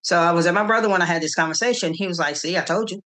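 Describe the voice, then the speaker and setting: A middle-aged woman from the Kansas City area, telling her story in an interview with animated quoted dialogue and frequent restarts. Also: fairly low pitch, racing. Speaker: interview guest, nonprofit founder.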